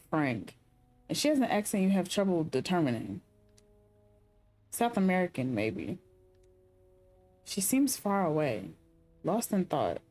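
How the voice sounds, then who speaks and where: Brief: a young female streamer reading game narration and musing aloud, low voice with lively pitch. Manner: chatty, speculative asides between read-out narration. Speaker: gaming streamer. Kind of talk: reading game text and chatting during a playthrough.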